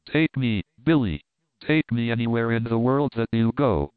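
Casting: earnest pleading young woman, read by a man, smooth voice on a thin, phone-like line. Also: mid-range voice, animated, normal speed, dry recording, natural voice.

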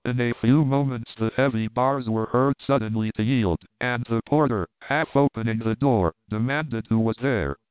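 A man narrates a classic novel in a measured, formal manner. His voice is clear and smooth, but the sound is narrow and tinny, like a phone line, and completely dry. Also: medium pitch, no echo. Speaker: audiobook narrator.

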